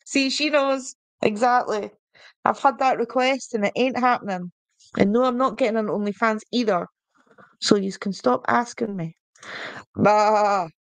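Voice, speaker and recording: A woman's voice: on the high side, normal speed, dry recording. Giggly, chatty woman on a live stream. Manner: chatty, giggly and playful, bursts of laughter. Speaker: podcast host doing oracle card readings. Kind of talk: casual live-stream chat, reading comments and cards aloud.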